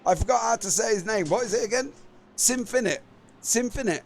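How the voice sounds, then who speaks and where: A man's voice: high voice, expressive, fairly quick, vocal fry, slight background noise. A man hosting a live sim racing stream, chatting with his viewers and laughing at himself, tired after a long day. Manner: chatty, laughing, self-mocking. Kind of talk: live stream commentary and chat.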